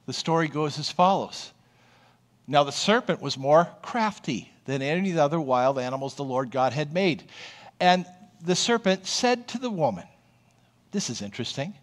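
A pastor with a slightly high voice preaches at normal speed in an animated, conversational, storytelling style, often checking in with the congregation.

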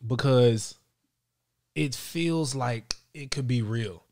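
A man's voice: medium pitch, lively intonation, slow, pauses often, a little mellow. Male podcast host, casual rambling chat, jokey and loose-mouthed, mid-range voice. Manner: rambling, swears freely, jokey.

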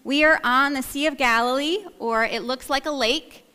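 A woman's voice: high voice, moderate pace, bright, forceful tone. A woman pastor leading a playful, interactive children's story, coaxing the kids to act it out. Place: church sanctuary. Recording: echoey church hall.

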